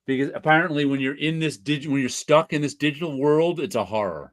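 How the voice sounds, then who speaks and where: A man's voice: fairly high pitch, quick pace, no room sound. Chatty laughing male podcast host. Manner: chatty, laughs often, teasing. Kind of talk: casual group chat about comics.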